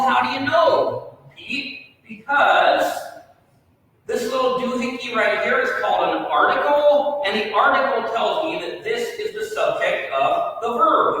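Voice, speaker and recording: A man gives a lively classroom lecture, explaining points with a self-joking manner. His voice sits high and clear. The recording captures him from a distance in a large hall with a long, echoing reverb. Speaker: Bible class teacher. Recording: echoey hall from far off.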